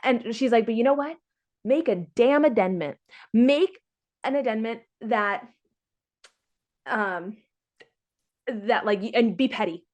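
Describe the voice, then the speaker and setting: A woman's voice: fairly high pitch, animated, slow, long pauses, a little mellow. A woman hosting a casual podcast chat, telling her own story frankly and acting out the other people's lines in quotes. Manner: frank, exasperated. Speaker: podcast host sharing her surrogacy story.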